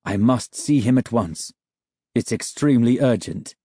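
A man's voice: medium pitch, measured pace, mellow, slightly rough, no room sound, clean studio sound. A man doing a brusque, urgent scientist. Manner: clipped and insistent. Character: urgent, brusque middle-aged male scientist.

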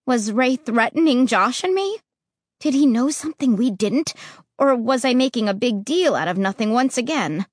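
A woman narrating a chapter book in the first person with an expressive reading style. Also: on the high side, normal speed, no echo, clean studio sound. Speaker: audiobook narrator.

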